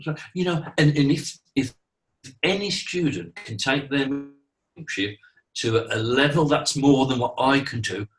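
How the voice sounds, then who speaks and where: A man's voice: medium pitch, measured pace, far from the mic, poor audio. A middle-aged man who teaches mediumship, talking earnestly in a casual interview, repeating himself and saying "you know" a lot.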